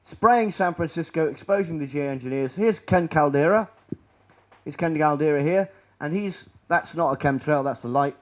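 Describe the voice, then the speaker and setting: A man with a slightly raised pitch talks his way through a slideshow. He rambles and restarts, and his sarcasm runs through the whole talk. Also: normal speed. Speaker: conspiracy lecturer.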